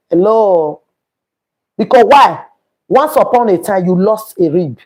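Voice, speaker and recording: A woman's voice: medium pitch, big pitch swings, a little slow, a little mellow. A woman with a Nigerian accent hosting a live stream, talking emphatically and quoting scripture as she repeats her points. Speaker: livestream host. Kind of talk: preachy live-stream talk.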